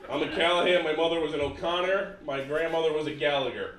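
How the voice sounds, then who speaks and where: A middle-aged man performs a punchy, exaggerated stand-up set on a comedy club stage, doing voices for his family members. He talks fast in a fairly high, slightly bright voice, and the roomy, distant club recording picks up live audience laughter.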